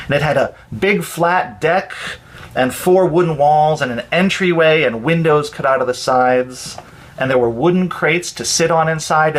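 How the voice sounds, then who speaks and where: A man calmly and expressively reading a children's story aloud as storyteller. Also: medium pitch. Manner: calm, expressive read-aloud.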